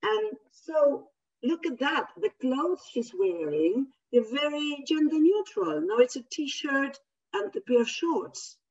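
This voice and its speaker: A woman educator, not a native English speaker, reading picture books aloud in a workshop in an animated, expressive way. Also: high-pitched, takes it slowly. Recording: distant, dull lo-fi.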